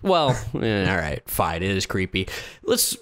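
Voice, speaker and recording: A man's voice: low-pitched, very animated, unhurried, fairly bright tone. Exasperated, wry man on a sports podcast. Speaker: podcast co-host. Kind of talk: casual sports chat.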